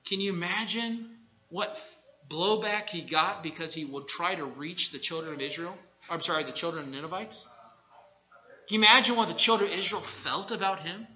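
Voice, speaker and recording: A man preaching a sermon, swinging between quiet asides and loud shouted bursts. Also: sits high, moderate pace. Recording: dull lo-fi recording.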